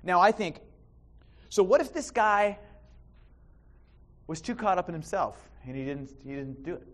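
A man preaching a sermon in church, animated, with restarts and sudden bursts of loud emphasis. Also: high-pitched, measured pace. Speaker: pastor.

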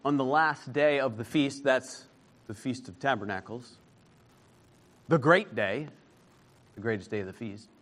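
A man preaching a sermon, slow and emphatic, rising into fervent declarations as he builds each point. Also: medium pitch, a bit bright.

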